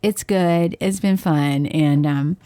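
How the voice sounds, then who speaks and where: Deep, clear and resonant, this woman's voice moves at a slow pace. She's a parent co-hosting a podcast, animatedly relating stories in relaxed conversation and performing the dialogue she describes.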